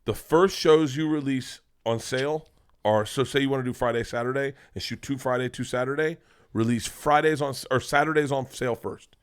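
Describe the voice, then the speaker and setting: A man's voice: medium pitch, normal speed, clean tone. A man, a guest comedian, chatting casually on a podcast, rambling and swearing as he lays out plans. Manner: loose, profane, rambling storytelling.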